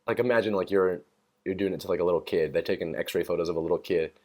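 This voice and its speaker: A man's voice: deep voice, steady tone, fast, a little mellow. A young man hosting a solo podcast, telling a story in a rambling, profane way with plenty of fillers and amused laughs. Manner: amused, laughs at own stories. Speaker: podcast host. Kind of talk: casual solo rant.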